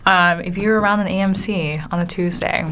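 A woman's voice: fairly low pitch, flat delivery, a little fast, fairly bright tone, slight background noise. A young woman from California chatting as a co-host, telling her story earnestly with many fillers. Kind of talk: casual chat.

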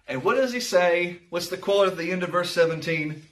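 A man with a fairly high voice leads a verse-by-verse Bible teaching, leaning on rhetorical questions and casual asides. He sounds a little distant from the microphone, as if picked up from across a meeting room. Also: brisk. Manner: conversational, rhetorical questions, voice rising to shouts at times. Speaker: pastor.

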